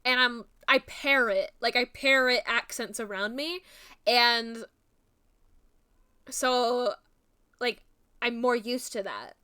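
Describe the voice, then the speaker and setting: Woman, young adult, New Jersey accent, casual streamer chat, rambling, giggly, high-pitched, clear voice. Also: steady tone, slow pace, long pauses, pushed and bright. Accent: New Jersey / Philadelphia area. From New Jersey, USA. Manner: rambling, giggly, self-mocking.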